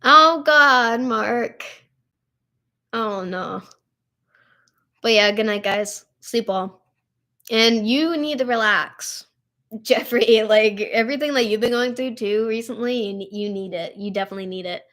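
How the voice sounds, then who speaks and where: A young adult woman with a steady, medium-pitched voice chats casually on a live stream, speaking a little slowly with long pauses. Tired, upset and emotional, she rambles, leaning heavily on "like" and "literally."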